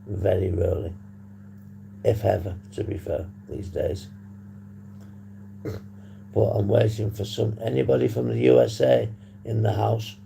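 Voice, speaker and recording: A man from the UK hosting a casual recovery livestream, husky from a long phone call, rambling and swearing casually to his chat. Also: sits low, expressive, unhurried, long pauses, a little hiss or hum. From United Kingdom. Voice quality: gravelly, dark voice. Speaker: livestream host on addiction recovery. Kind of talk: casual live-stream chat to viewers.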